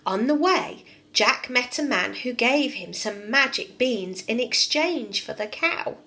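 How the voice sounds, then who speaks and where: Slow, bright-voiced nursery teacher. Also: female voice, on the high side. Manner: expressive, asks the children questions. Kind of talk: storybook read-aloud and lesson for young children.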